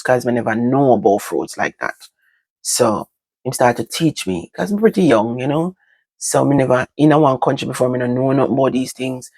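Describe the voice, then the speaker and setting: A woman's voice: extremely low pitch, dry recording. Older Jamaican woman telling stories in patois. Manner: switches between patois and standard English, animated when telling the story. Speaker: vlogger. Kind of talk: casual storytelling to camera.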